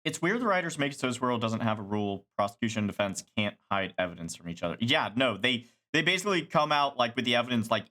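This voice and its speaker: Animated, rambling male streamer. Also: on the low side. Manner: rambling, animated, swears casually. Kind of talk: casual live-stream chat.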